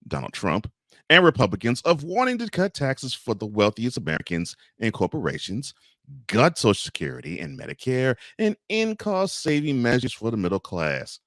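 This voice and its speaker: A man's voice: medium pitch, wildly swooping pitch, normal speed, fairly bright tone, no echo, studio quality. A man co-hosting a podcast, reading political news aloud and breaking off for sarcastic asides in casual chat. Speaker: podcast co-host.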